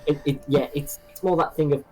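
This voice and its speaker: A man's voice: on the high side, steady tone, fairly quick, music in the background, poor audio. A man running a tabletop game as game master, describing scenes with hesitant restarts.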